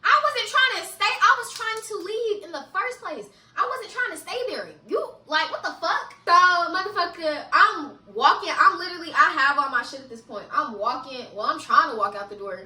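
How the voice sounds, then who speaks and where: A young woman telling a casual story-time vlog, animated and laughing often, with frequent swearing, recorded in an echoey room a little away from the mic. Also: very high voice, moderate pace, hardly any pauses, recorded from a distance. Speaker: vlogger.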